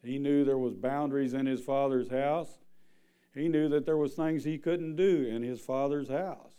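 A man's voice: medium pitch, fairly even intonation, moderate pace, dark tone, clean tone. A man preaching a sermon, reading scripture and then building to an impassioned appeal. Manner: reads scripture, then preaches with rising intensity.

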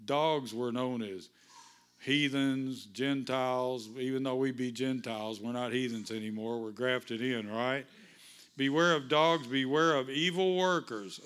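A man's voice: mid-range voice, a little slow, a bit bright. A male pastor preaching a fervent sermon in church, praying and reading scripture with call-and-response to the congregation.

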